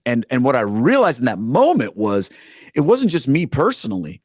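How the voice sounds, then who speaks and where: A middle-aged man, a former pastor, telling stories as a guest on a talk show in an earnest, emphatic way with animated asides. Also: medium pitch, moderate pace, no echo, clean studio sound. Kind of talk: conversational storytelling.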